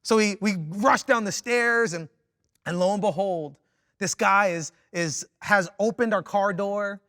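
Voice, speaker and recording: A man preaching a sermon through a personal story, animated and full of restarts, moving from loud exclaiming to quiet reflection. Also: high voice, a little slow, dry recording, studio quality. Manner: animated, with frequent restarts and repeated words. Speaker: pastor.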